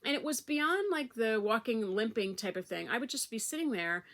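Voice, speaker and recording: Bright-voiced woman telling a personal story. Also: on the high side, lively intonation, moderate pace. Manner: chatty and rambling, with frequent fillers and restarts. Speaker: vlogger.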